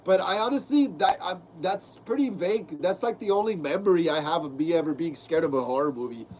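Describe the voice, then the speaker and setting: A man's voice: fairly high pitch, fairly quick, a little mellow, a little hiss or hum, low-quality recording. A young man hosting a casual live stream, reading out viewer comments in laid-back slang with lots of fillers.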